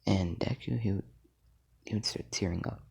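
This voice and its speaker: A man casually telling an improvised fan story, rambling and halting, often slipping into a whisper, with a husky voice. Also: sits low, darkish tone.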